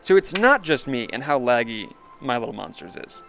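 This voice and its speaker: A man's voice: mid-range voice, sing-song, moderate pace, gravelly, fairly bright tone, soft background music. A young man streaming a video game, rambling casually, laughing often and mocking himself. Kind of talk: casual gaming commentary.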